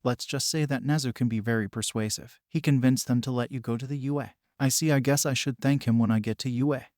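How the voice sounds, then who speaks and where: A man's voice: medium pitch, steady tone, fast, darkish tone, no room sound, clean studio sound, close to an everyday voice. A man reading a caring middle-aged father. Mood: gentle.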